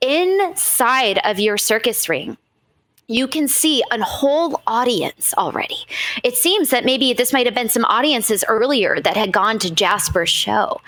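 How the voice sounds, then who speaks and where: A woman's voice: on the high side, animated, unhurried, a bit bright. Woman narrating as game master. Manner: casual, fluid narration.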